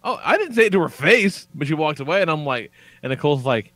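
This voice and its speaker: A man in his thirties, co-hosting a podcast in casual chat, telling stories in a profane, animated way. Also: fairly high pitch, fast, no room sound. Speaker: podcast co-host.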